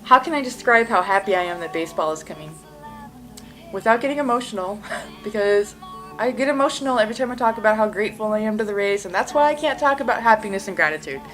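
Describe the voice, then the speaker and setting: A woman's voice: mid-range voice, expressive, fast talker, a bit bright, faint music behind, low-quality recording. Sleepy giggly woman rambling. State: sleepy, just woke up. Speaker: podcast host. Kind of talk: casual solo podcast chat.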